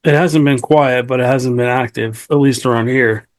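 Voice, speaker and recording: A man's voice: mid-range voice, fairly even intonation, moderate pace. A man hosting a casual interview podcast, laid-back, giving short encouraging replies. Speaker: podcast host.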